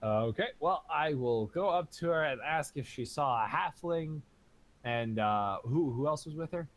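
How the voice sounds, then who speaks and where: A man's voice: a little high, lively intonation, a little slow, a little hiss or hum. Easygoing man playing a tabletop game. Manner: easygoing, laughs often. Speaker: player. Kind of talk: casual tabletop game chat.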